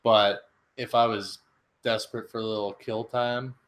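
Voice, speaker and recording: A man's voice: on the low side, flat delivery, measured pace, fairly bright tone. A man co-hosting a podcast in casual chat, with a laid-back, hesitant manner that often trails off. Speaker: podcast co-host.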